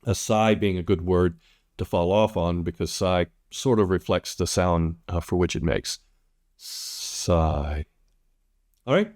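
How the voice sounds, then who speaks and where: A man's voice: deep voice, moderate pace, darkish tone. A man teaching English pronunciation, saying practice sentences word by word with heavy emphasis and explaining between them with many fillers. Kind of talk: slow, deliberate pronunciation lesson.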